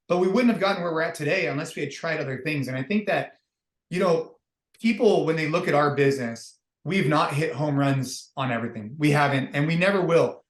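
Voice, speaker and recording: A man's voice: fairly high pitch, fairly bright tone. A man hosting a casual podcast chat as a fitness business founder, upbeat and reflective, talking in loose restarts. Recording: roomy echo.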